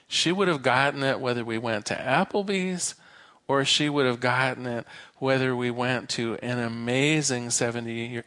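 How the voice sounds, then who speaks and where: A man minister giving a sermon, an animated storyteller who shifts between quick and slow delivery. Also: medium pitch, no room sound. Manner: animated storyteller, varies his pace.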